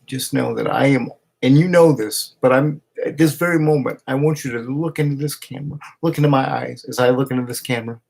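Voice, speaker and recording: Emotional man with a gravelly, husky voice. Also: mid-range voice, fairly even intonation, a little mellow. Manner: emotional, halting, with restarts and pauses. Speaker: partner recording a personal video message. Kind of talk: heartfelt personal video message. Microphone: camera he speaks into.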